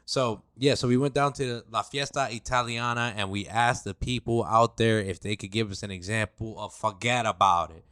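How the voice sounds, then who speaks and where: A man's voice: fairly low pitch, fairly even intonation, moderate pace, hardly any pauses, a bit bright, smooth, no echo, clean studio sound. A man hosting a podcast in a laid-back, rambling way. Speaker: podcast host. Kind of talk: casual podcast chat.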